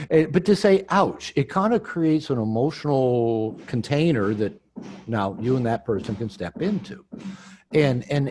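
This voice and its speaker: Husky-voiced man explaining with lively pitch. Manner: explanatory, acts out example dialogue. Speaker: author and guest. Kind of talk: podcast interview, teaching.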